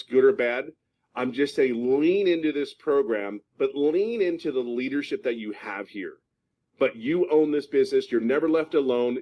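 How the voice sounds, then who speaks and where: A man's voice: mid-range voice, darkish tone, low-quality recording. A man in his fifties from Philadelphia giving a passionate testimonial, emphatic and repeating himself for stress. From Philadelphia, USA. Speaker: program member giving a testimonial. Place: at home in California.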